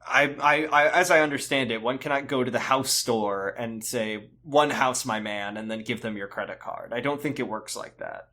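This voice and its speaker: A man's voice: medium pitch, normal speed, hardly any pauses, pushed and bright. A man co-hosting a podcast in casual chat, joking and rambling and swearing freely. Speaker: podcast co-host.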